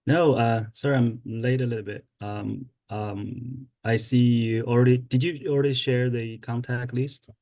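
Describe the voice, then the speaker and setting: A man's voice: mid-range voice, steady tone, unhurried, creaky, few pauses, warm tone, no echo. A man co-hosting an online class, offering brief, practical help with some hesitation. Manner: brief, helpful, slightly hesitant. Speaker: co-host. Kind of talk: casual meeting talk. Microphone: video call.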